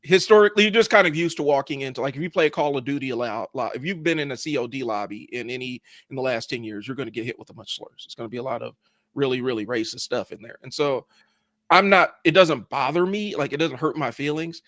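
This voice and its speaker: A man with an ordinary mid-range voice talks on a podcast in an easygoing way. He is sarcastic and animated and keeps reaching for "like" and "you know" as he goes. The mic is close and dry. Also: mid-range voice, fast talker, dry recording. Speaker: podcast co-host. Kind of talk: casual chat.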